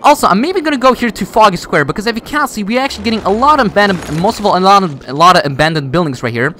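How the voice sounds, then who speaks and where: A man's voice: high-pitched, animated, racing, bright, forceful tone, slight background noise. A man giving casual gameplay commentary, rambling with many fillers and restarts while he builds. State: voice cracks. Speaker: gaming YouTuber.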